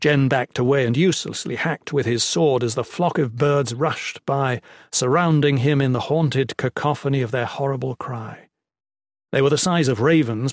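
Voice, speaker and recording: A man narrating a fantasy audiobook in a steady, even storytelling voice. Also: medium pitch, no room sound, studio quality.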